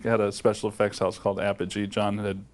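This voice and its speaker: A man's voice: lowish voice, monotone, fast talker, noisy background. A man in an interview recalling how a film was made, thoughtful and hesitant. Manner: reflective, hesitant with fillers. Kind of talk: interview recollection.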